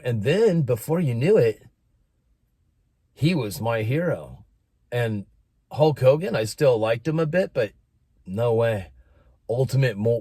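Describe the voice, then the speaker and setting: A middle-aged American man telling a personal story in a casual monologue, animated and expressive. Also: mid-range voice, no echo. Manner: animated, breaks into announcer-style shouting when quoting.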